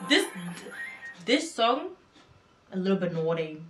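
A woman hosting a reaction video, chatting excitedly and repeating words in quick bursts. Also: a little high. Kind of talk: casual reaction commentary. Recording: echoey room with music behind. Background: music video playing.

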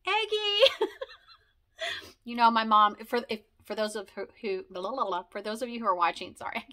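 A woman in her forties reminiscing casually and emotionally to camera, talking fast and stumbling over her words. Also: medium pitch, fairly even intonation, sharp tone. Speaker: vlogger thanking friends.

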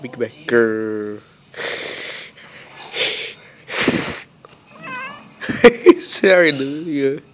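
A man vlogging casually with his cats, rambling and halting with lots of fillers and soft coaxing pet talk. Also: fairly high pitch, slight background noise. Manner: rambling and halting, with many fillers and broken sentences.

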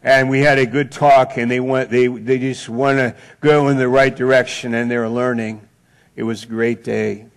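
A male pastor preaching a sermon in a church, slow and deliberate, building on repeated phrases. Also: mid-range voice, level tone. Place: church sanctuary.

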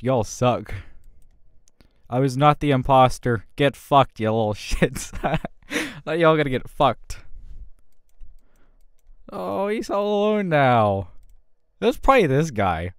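A man's voice: medium pitch, no room sound, studio quality. Young man swearing over gameplay. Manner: swearing, trash-talking, swinging between mutters and loud outbursts. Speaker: gaming channel host. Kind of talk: profane gameplay commentary.

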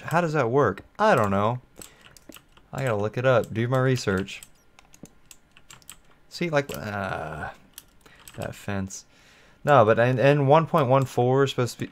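A man with a lowish voice and a clean tone hosts his own gaming channel. He gives solo gameplay commentary, rambling and thinking aloud as he talks to his viewers.

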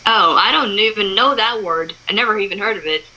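Bright, dry-voiced woman on video chat. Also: medium pitch, fairly quick, dull audio. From East Coast of the United States. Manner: laid-back, dry, short answers. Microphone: remote video chat audio.

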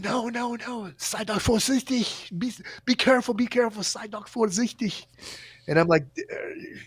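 Gravelly-voiced man telling a story. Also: medium pitch, no echo, clean studio sound. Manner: animated, profane storytelling. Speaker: coach telling a story on a livestream. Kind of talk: casual storytelling.

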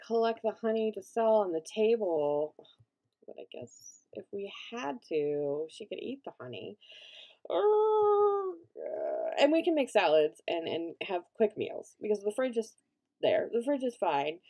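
A woman's voice: fairly low pitch, creaky, warm tone. A woman casually commenting on her own gameplay, rambling with lots of fillers and restarts. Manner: rambling, many fillers, bursts into panicked shrieks and laughter. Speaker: let's play gamer.

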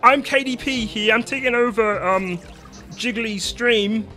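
A man's voice: extremely high pitch, a little slow, soft background music. A man talking casually on a stream in a rambling way. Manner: rambling, then jokey shouting.

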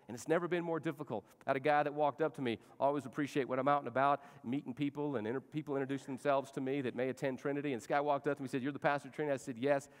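A man, a church pastor, preaching in a large church sanctuary. His voice sits a little high, and it swings from quiet confiding asides to shouted, emphatic exhortations. A long reverb trails behind him. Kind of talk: sermon.

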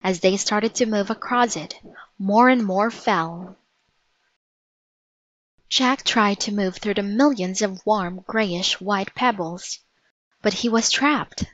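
A woman narrating a storybook in a measured, vivid read-aloud manner. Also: mid-range voice, fairly bright tone, no echo, dull audio.

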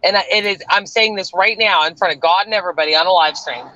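A woman's voice: on the low side, fast, pushed and bright, dry recording. A woman guest on a livestream call, ranting in a furious, profane, threatening way. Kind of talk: angry livestream rant. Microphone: online stream call audio. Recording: dull lo-fi stream audio.

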